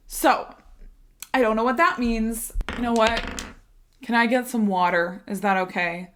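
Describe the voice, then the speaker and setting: A woman talking casually and excitedly to her viewers while reacting to an album. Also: a little high, moderate pace. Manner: chatty and excitable, talks to viewers directly. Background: faint music playing.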